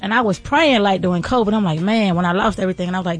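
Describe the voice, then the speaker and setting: Woman host, rapid-fire motivational faith talk, fervent and folksy, soft music underneath. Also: mid-range voice. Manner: fervent, preacher-like encouragement; casual, folksy. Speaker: podcast host and entrepreneur.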